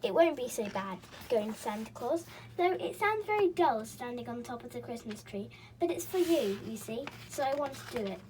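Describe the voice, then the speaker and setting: A woman's voice: fairly high pitch, animated, moderate pace, lightly acted. A woman voicing a sweet, nervous little fairy girl who has been turned into a doll. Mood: brave. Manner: soft, nervous.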